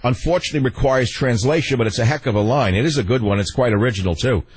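A man's voice: mid-range voice, fast talker, husky, dry recording. An older man hosting a call-in radio talk show, blunt and sardonic, laughing often.

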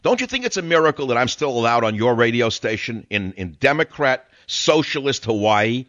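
A man's voice: medium pitch, very animated, a little fast, fairly bright tone, no room sound, lo-fi sound. An older man hosting a call-in radio talk show, speaking emphatically and preachily, repeating phrases for effect. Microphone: studio broadcast mic.

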